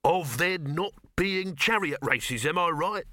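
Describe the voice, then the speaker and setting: A man's voice: fairly high pitch, animated, a little slow, gravelly, bright, forceful tone, no echo, studio quality, pitched above the performer's own voice, exaggerated voice. A man voicing a pushy, scheming film producer who talks in soapy tones with a hint of menace. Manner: soapy and menacing, full of sales talk.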